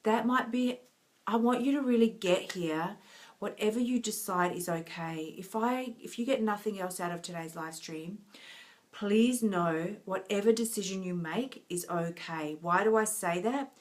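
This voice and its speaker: Brief: woman coach, casual live-stream chat, giggly and encouraging, mid-pitched voice. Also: unhurried. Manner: laughs often, chatty and encouraging. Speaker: online health coach.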